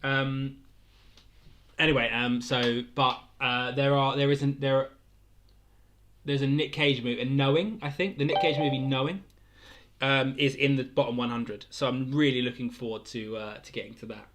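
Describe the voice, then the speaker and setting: A man's voice: mid-range voice, fairly even intonation, moderate pace, fairly bright tone, slight background noise. A young man casually hosting a weekly livestream quiz, rambling between questions and chuckling often. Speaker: quiz host.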